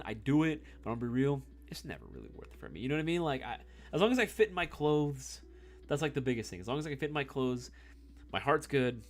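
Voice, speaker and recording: A medium-pitched man in his thirties chats casually on a live stream, reading the chat aloud. He laughs often and calls people "bro" and "dude."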